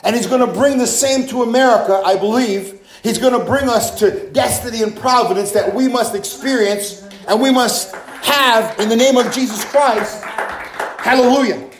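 A man's voice: very high voice, moderate pace. A male pastor preaching a fervent sermon, with frequent hallelujahs and rhetorical questions to the congregation. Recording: roomy, echoing room.

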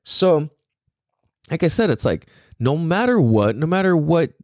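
A man hosting his own podcast rants casually, with a lot of swearing and frequent laughter. His pitch swings widely as he goes, and the recording is dry and close, with no room echo. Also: unhurried. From United States. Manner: profane, animated, laughs often. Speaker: podcast host.

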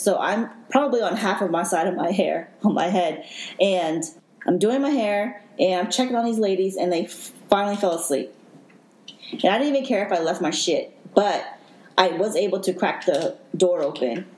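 Woman host, mid-range voice, halting personal story, roomy echo. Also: mid-range voice, a little mellow. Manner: emotional, halting, with many fillers. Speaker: podcast host telling her own story. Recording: echoey room.

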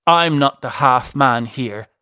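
A desperate father turned warrior calls out urgently, his voice lifted, read by a man narrating a storybook. The delivery stays measured underneath. It is recorded dry and close. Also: medium pitch, bright, forceful tone, clear, resonant tone, no room sound.

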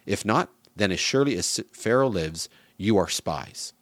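Man doing a harsh commanding ruler, low stern voice, dry close sound. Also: lively intonation, normal speed, no echo. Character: stern powerful male ruler testing his brothers.

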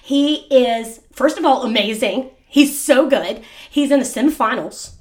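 A middle-aged woman co-hosting a podcast, chatting and gushing with quick asides. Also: fairly high pitch. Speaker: podcast co-host. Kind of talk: casual chat.

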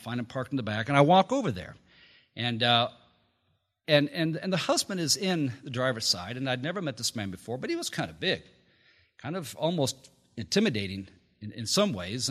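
A man preaching a sermon in a meeting house, his voice ringing with a long hall reverb. He tells a story in an easy, conversational way, climbing to loud bursts and sinking to soft, low phrase endings. His pitch sits in a middle range for a man. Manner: storytelling, rising to loud peaks then dropping low. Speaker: pastor.

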